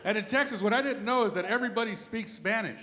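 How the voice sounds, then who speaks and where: A middle-aged man doing a live stand-up routine on a club stage, telling animated stories and slipping into character voices. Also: high voice. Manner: animated, quick storytelling that slips into acted character voices. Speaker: stand-up comedian. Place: comedy club stage before a live audience. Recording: reverberant live room with steady background noise.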